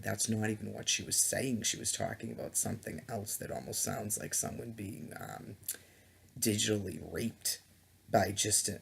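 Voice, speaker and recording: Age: adult. Sex: man. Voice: low, heavy creak. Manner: hesitant, indignant webcam rant. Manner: hesitant, many ums and restarts; disgusted, indignant. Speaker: vlogger. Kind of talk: rambling webcam monologue. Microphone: laptop webcam mic.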